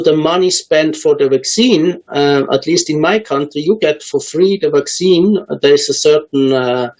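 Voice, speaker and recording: A man's voice: on the high side, rough recording. Hesitant man with a raised voice. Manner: hesitant, many ums and uhs, restarts. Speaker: market analyst guest. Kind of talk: unscripted interview answers.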